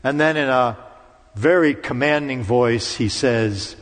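A pastor with a mid-range voice preaches slowly in a church sanctuary, the long reverb of the hall filling the recording. His dramatic recitation climbs to commanding peaks.

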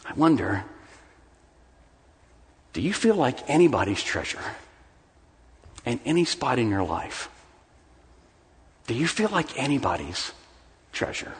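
A male pastor delivers an expressive sermon in a middle-pitched voice, his words swelling with emphasis at key points. The sound carries a long reverb from a large church sanctuary. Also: unhurried, pauses often. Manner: expressive preaching, rising and intense when stressing points.

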